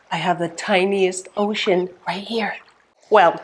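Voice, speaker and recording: A woman teaching songs to young children, playful and exaggerated, with a slow sing-song delivery. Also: fairly low pitch, fairly even intonation, a little hiss or hum. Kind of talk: singsong preschool lesson.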